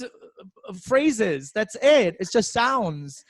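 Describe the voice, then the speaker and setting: A man's voice: on the high side, animated, moderate pace, dry recording. A young man co-hosting a comedy podcast, telling a story in casual chat, laughing often and acting out quotes in exaggerated voices.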